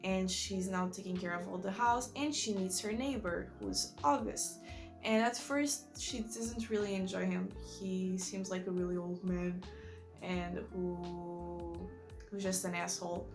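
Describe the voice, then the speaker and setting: Fairly low-pitched and steady, a woman reviews books a little slowly with music in the background. She's a book vlogger who isn't a native English speaker, chatting casually in an enthusiastic, rambling way and often correcting herself.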